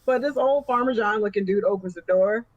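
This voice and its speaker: A woman's voice: medium pitch, brisk, no echo, lo-fi sound. A woman, chatting casually as a podcast co-host and telling blunt, profane stories. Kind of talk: casual chat.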